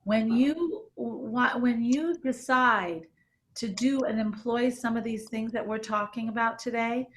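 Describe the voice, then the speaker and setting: A woman leading an online discussion group, telling a personal story in an animated, laughing way. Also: fairly high pitch, unhurried.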